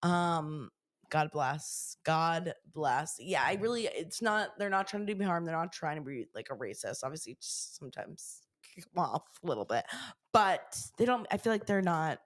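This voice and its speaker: A woman's voice: low-pitched, expressive, moderate pace. A woman co-hosting a podcast in casual, gushing chat. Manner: gushing, chatty. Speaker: podcast co-host.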